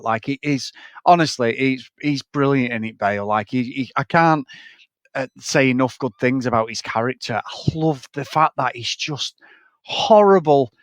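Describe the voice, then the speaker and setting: A man's voice: mid-range voice, no room sound. A man co-hosting a podcast, chatting casually about a film, swearing often and acting out lines as he talks. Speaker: podcast co-host. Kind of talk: casual film-review chat.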